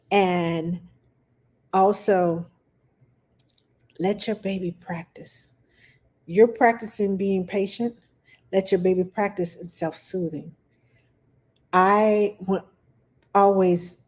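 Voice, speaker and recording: A woman's voice: mid-range voice, mellow. A woman working as a nanny, giving earnest, casual parenting advice and repeating her key points for emphasis. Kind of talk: casual advice talk to camera.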